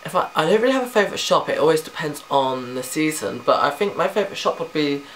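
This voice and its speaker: A teenage man chatting casually through a tag questionnaire, rambling and quick to giggle. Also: on the high side, expressive, a bit bright, a little hiss or hum. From Britain. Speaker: vlogger.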